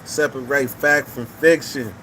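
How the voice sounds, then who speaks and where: A man's voice: mid-range voice, steady tone, unhurried, fairly bright tone, a little hiss or hum, low-quality recording. A man hosting a casual live talk stream, reading viewer comments and giving blunt, profane opinions, often repeating his points.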